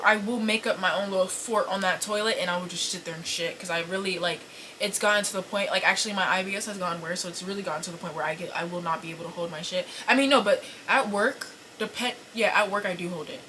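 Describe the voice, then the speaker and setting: Young woman host, casual confessional storyteller, bright edgy tone, filler-heavy and crude, small home room. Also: on the low side, a little fast, slight background noise, low-quality recording. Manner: animated, profane, apologetic, lots of fillers. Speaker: podcast host. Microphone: camera set up in front of her.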